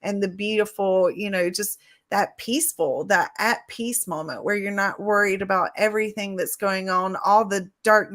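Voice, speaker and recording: A woman's voice: medium pitch, fairly bright tone. Gushing woman in long run-on sentences. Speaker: podcast co-host. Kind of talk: casual live podcast chat.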